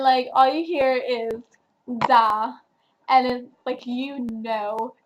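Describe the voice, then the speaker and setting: A woman's voice: high-pitched, slight background noise. A young woman from New Jersey reviewing a book in a casual vlog, chatty and full of fillers. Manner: chatty, filler-heavy, gushing. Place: home, at night.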